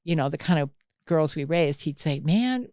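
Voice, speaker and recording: A woman's voice: low voice, moderate pace, no room sound, clean studio sound. An older woman, a mother and podcast guest, telling family stories in casual chat, acting out quotes with lots of restarts. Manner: animated storyteller, acts out quotes, frequent restarts.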